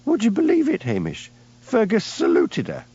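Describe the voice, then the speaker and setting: A man voicing a poised young woman who owns a hotel, speaking gently with a worried edge. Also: medium pitch, big pitch swings, moderate pace, muffled recording. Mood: amused.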